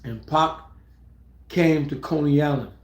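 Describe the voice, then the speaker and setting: A middle-aged man live-streaming a casual story, rambling and excitable, often restarting his words and swearing freely. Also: on the high side, unhurried. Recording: roomy echo.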